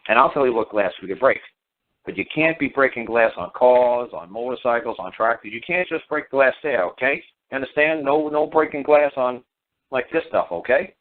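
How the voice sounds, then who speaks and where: A man's voice: mid-range voice, animated, fairly quick. A man, a talk show host, telling a long story in a casual, rambling way, repeating himself and swearing as he goes. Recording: tinny phone-line audio.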